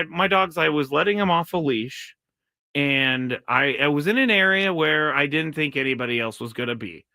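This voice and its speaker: A man's voice: on the high side, pushed and bright, no room sound. Talkative man hosting a live show. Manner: rambling, self-correcting storytelling; reads viewer chat comments aloud. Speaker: show host. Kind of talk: casual live-stream monologue.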